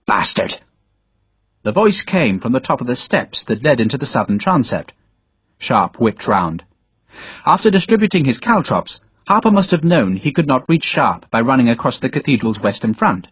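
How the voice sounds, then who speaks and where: Husky male audiobook narrator. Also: medium pitch, very animated, moderate pace, no room sound. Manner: dramatic storytelling, voices all characters. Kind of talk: scripted narration. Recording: dull, dry lo-fi audiobook recording.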